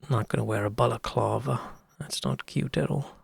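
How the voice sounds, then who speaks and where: A man's voice: medium pitch, a little fast, vocal fry, husky, no echo. A man casually commenting while playing a video game on stream, rambling and answering chat.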